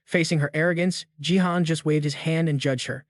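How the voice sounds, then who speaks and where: A man narrating a comic recap in a brisk, slangy storytelling manner. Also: on the high side, fairly even intonation, no echo, clean studio sound.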